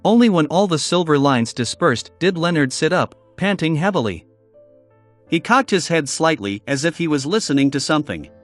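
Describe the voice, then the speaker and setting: Man narrating with a lively pitch. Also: normal speed, soft background music. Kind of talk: audiobook narration of a fantasy novel.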